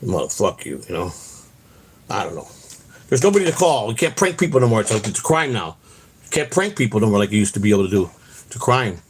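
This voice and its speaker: A man's voice: lowish voice, big pitch swings, fast, pauses often, slight background noise. A middle-aged man hosting an online show, ranting in a rambling, profane, heated way. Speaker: host. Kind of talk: casual ranting chat.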